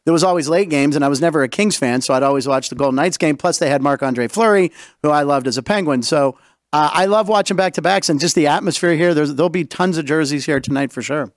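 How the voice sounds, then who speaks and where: A man hosting a casual sports and comedy show, joking and excitable. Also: fairly high pitch, quick pace, no room sound, clean studio sound. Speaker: host.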